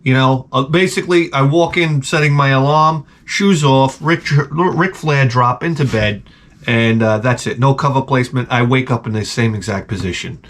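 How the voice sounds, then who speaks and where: A man's voice: mid-range voice, moderate pace. Rambling, swearing storyteller man. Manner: rambling, profane, deadpan asides. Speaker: vlogger. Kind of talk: comic storytelling rant.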